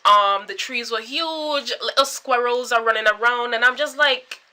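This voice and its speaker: A young woman in her twenties with a Caribbean accent, chatting to camera in an animated, storytelling way. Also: on the high side, normal speed. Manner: animated, chatty, full of filler likes and dramatic quoted reactions. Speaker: vlogger.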